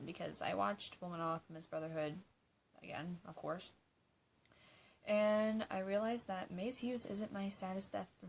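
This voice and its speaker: A woman's voice: medium pitch, a bit bright, slight background noise. An eighteen-year-old woman answering fan questions in a casual vlog. She chats loosely, laughs often, swears and fills her talk with "like". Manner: chatty, swears, laughs often, many "like" fillers.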